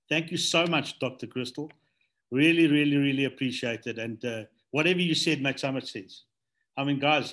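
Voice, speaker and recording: A man's voice: a little high, fairly bright tone. A man hosting a video call, thanking the guest effusively and addressing the audience. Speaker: host. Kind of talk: casual hosting.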